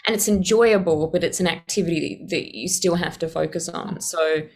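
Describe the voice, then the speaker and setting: A young Australian woman with a fairly low voice answers interview questions. She speaks casually and thoughtfully and often restarts her sentences while she thinks. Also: moderate pace, vocal fry, crowd noise. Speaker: actress guest.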